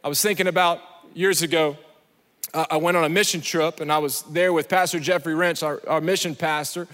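A man's voice: fairly high pitch, steady tone, a little fast, fairly bright tone. A male pastor preaching an emphatic sermon in a church sanctuary, repeating phrases and putting questions to his congregation. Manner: emphatic, repeats himself, asks the crowd questions. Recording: long reverb of a large church hall.

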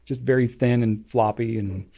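A man's voice: medium pitch, steady tone, normal speed, warm tone. A man co-hosting a podcast in casual chat, rambling along with lots of filler words. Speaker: podcast co-host.

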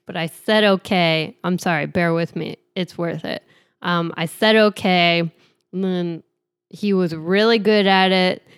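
A woman co-host chats casually and tells stories with playful energy. Her voice is smooth and a little low. It is recorded dry and close, with no room around it. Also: measured pace, no echo. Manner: animated storyteller, playful. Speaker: podcast co-host. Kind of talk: casual chat and storytelling.

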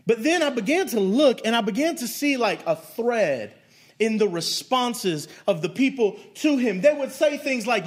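A pastor preaching to his congregation, his voice sitting high for a man. He delivers the sermon conversationally, weaving stories into it. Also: animated, moderate pace. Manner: conversational preaching with storytelling asides.

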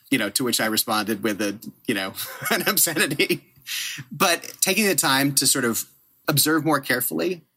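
A middle-aged man, a podcast guest telling an animated, self-deprecating story and laughing at himself. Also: medium pitch. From United States.

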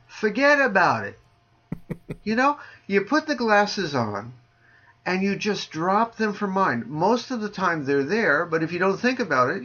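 A man who teaches Zen, chatting casually on a podcast over a video call, joking dryly and dropping his voice low on punchlines. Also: a bit bright, dull audio. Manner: dry joking, playful sing-song delivery, drops low on punchlines. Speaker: Zen teacher answering listener questions.

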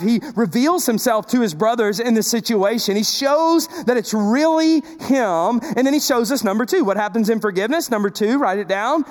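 Woman pastor preaching, pitch all over the place, loud bits then soft ones, lots of questions to the crowd. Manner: animated, asks the congregation many rhetorical questions; swings between loud emphasis and soft, tender delivery. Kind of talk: sermon.

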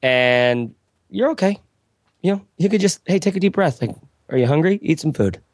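A man's voice: fairly high pitch, expressive, moderate pace, dry recording, studio quality. Rambling, restart-prone man in casual chat. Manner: rambling, self-interrupting, frequent restarts. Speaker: podcast guest. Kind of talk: casual conversation.

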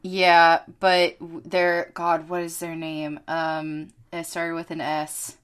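A woman's voice: fairly low pitch, monotone, takes it slowly, a bit bright, clean tone. A woman co-hosting a podcast in casual chat, hesitant and searching for words. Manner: hesitant, many fillers and restarts. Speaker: podcast co-host.

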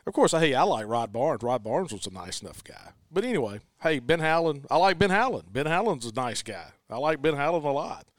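A man's voice: a little high, very animated, brisk, few pauses, no echo, studio quality. Emphatic man hosting sports talk. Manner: emphatic, repeats "let me tell you". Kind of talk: casual sports chat.

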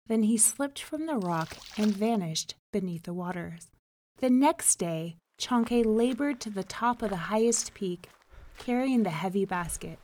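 A woman reading a folk tale aloud as storybook narration, calm and measured. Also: mid-range voice.

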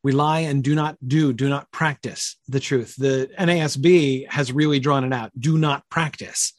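A man teaching a Bible study in an easy, conversational way, often pausing with fillers and asking his listeners to confirm points. His voice is a little husky and sits at an ordinary middle pitch. The recording is dry and close. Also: steady tone, no room sound. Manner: thinking aloud, many fillers and tag questions.

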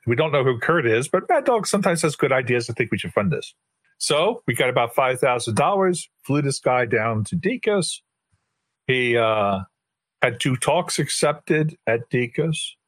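An older man with a husky, slightly rough voice tells a long story to a podcast host, playing out each person's lines as he goes. The sound is dry and close, with no room echo. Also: medium pitch. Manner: lively storyteller who acts out quoted dialogue. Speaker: guest, board chair of a tech body. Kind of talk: casual anecdotal storytelling.

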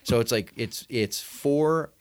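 A man's voice: mid-range voice, slow. A middle-aged man hosting a podcast, chatty and joking as he tells stories in casual conversation. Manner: chatty, joking, animated storyteller. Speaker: podcast host. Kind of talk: casual chat.

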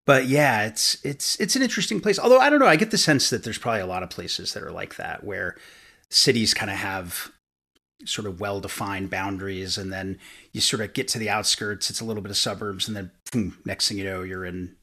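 A man's voice: fairly low pitch, animated, brisk, sharp tone. A man in his forties from upstate New York, a podcast guest chatting casually and rambling with fillers and restarts. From upstate New York, USA.

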